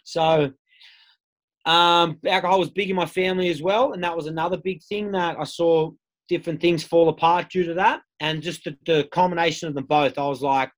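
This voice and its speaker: A man's voice: a little high, steady tone, moderate pace. A young Australian man telling his story in a casual interview, candid and rambling, swearing freely. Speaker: guest.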